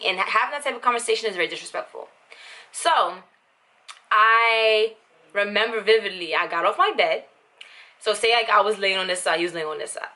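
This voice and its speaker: A young woman vlogger telling a story in a blunt, animated, casual way, with lots of "like". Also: medium pitch, brisk.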